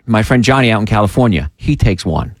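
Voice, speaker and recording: A man hosting a call-in health radio show, talking in an emphatic, animated way with pleading asides, from a studio mic. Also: on the low side, fairly quick, no echo.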